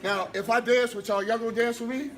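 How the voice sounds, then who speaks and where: Loud brash Bay man, far off. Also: very high-pitched, steady tone, fast talker. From San Francisco, California. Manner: loud, brash and playful, swelling into shouted declarations. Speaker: spoken word poet. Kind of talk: slam poetry performance. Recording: far from the mic, noisy crowd.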